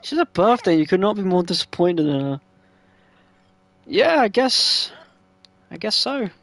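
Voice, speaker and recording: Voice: mid-range voice, big pitch swings, a little fast. A gameplayer chatting casually over a life-sim game, swearing freely and talking to the game characters.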